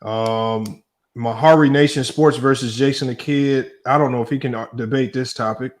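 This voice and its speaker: Male host, casual and slangy, reads matchups off a screen, average pitch. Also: normal speed. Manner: relaxed, slangy, thinks aloud. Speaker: debate show host. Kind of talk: casual livestream chat, reading out a list.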